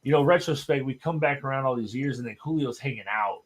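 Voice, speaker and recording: A man's voice: mid-range voice, fast talker, over a noisy crowd. A man, a guest on a show, telling stories in a casual, profane, rambling way and laughing often. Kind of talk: casual storytelling chat.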